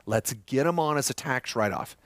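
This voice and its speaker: A middle-aged man giving a live seminar talk to a room of listeners, lively and joking, often questioning the audience. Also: mid-range voice, moderate pace, dry recording. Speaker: seminar presenter.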